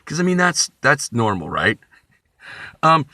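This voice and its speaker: A man's voice: medium pitch, very animated, unhurried, bright, forceful tone, no room sound. A man vlogging, telling a rambling, profane comic story with frequent asides.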